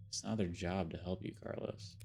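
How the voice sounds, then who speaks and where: A man voicing a calm, measured defense lawyer in a video game, reading in a level, earnest way. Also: sits low, gravelly, slight background noise.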